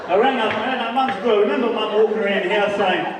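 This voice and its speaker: A man's voice: high voice, very fast, crowd noise. Australian male comic, crude punchy one-liners. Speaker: stand-up comedian. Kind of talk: stand-up comedy set. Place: live gig venue. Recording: distant, roomy, noisy live recording.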